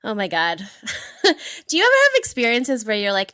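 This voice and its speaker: A woman from Hawaii, in her thirties, telling travel stories in a casual interview, lively and laughing often. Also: fairly high pitch, moderate pace, no room sound. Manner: animated, laughs often, acts out her own past thoughts. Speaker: travel entrepreneur guest.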